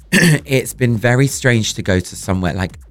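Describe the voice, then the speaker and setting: A man, a drag performer chatting as a guest, camp and animated, his voice going hoarse. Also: mid-range voice, normal speed. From London. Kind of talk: casual chat.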